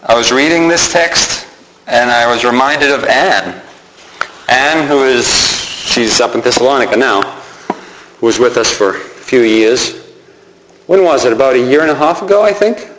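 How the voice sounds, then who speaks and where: A man's voice: mid-range voice, moderate pace, a bit bright. A man preaching a sermon, reading scripture aloud and acting out the mourners' words. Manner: reads scripture aloud and acts out the mourners' lines. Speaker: pastor. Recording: echoey room with faint noise.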